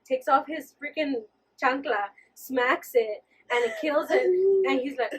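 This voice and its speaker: A young woman co-hosting a podcast, telling a story in an animated, laughing way and slipping into Spanish. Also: sits high, moderate pace, distant mic, rough recording. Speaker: podcast co-host. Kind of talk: casual storytelling chat.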